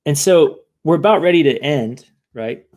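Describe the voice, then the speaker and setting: A man guest on a podcast, telling a story in casual chat, lively, often acting out quoted voices and asking "right?". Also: on the high side, moderate pace. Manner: animated, acts out quoted voices, frequent "right?".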